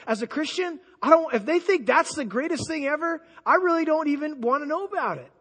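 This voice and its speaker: A man preaching a sermon as pastor, conversational and animated, acting out the people he quotes. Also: extremely high pitch, quick pace, few pauses. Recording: long hall reverb.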